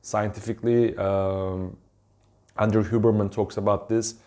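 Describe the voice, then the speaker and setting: A man calmly explaining his stress routines, talking in a halting way with many pauses and restarts. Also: fairly low pitch. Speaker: wellness teacher. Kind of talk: casual instructional talk.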